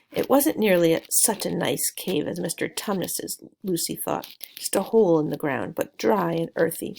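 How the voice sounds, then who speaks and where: A woman reading a children's novel aloud, telling the story gently with small asides to the listener. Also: fairly low pitch, normal speed, vocal fry, hardly any pauses, a little hiss or hum. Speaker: narrator.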